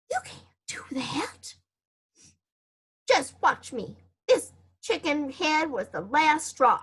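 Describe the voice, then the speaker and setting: A woman reading a children's chapter book aloud in first person, expressive, with casual asides to listeners. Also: high-pitched. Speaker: storybook reader.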